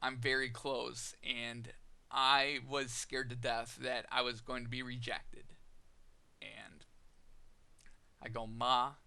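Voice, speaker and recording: A man vlogging an emotional personal story, halting and full of restarts and fillers. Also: mid-range voice, little pitch movement, gravelly, bright, forceful tone. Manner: halting, many "you know" fillers and restarts.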